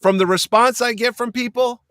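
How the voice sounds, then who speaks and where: A man, a convention owner telling lively, swearing stories in casual podcast chat. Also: very high-pitched, moderate pace, smooth, no echo, clean studio sound. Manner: animated storyteller, acts out quotes, swears.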